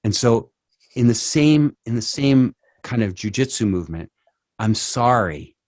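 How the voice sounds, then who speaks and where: A man's voice: mid-range voice, lively intonation, measured pace, a little mellow, no room sound, studio quality. A middle-aged man speaking at a church, acting out quoted apologies with many restarts. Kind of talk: conversational church talk.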